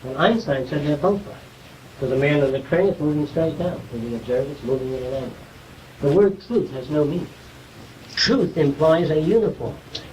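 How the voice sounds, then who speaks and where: A man's voice: a little high, a little mellow, recorded from a distance, a little hiss or hum, rough recording. A man giving an informal, conversational lecture to a small group, explaining ideas and checking whether his listeners follow.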